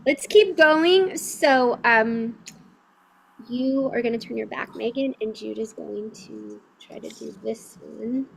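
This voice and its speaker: A woman hosting a virtual comedy game show, bubbly and excitable, talking over a video call. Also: a little high, takes it slowly, gravelly, slight background noise, rough recording. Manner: bubbly, excitable, cheers loudly. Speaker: host.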